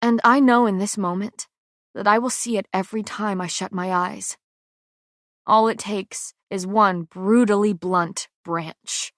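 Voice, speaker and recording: A woman narrating a fantasy audiobook in the first person, measured and dramatic. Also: mid-range voice, steady tone, dry recording, studio quality.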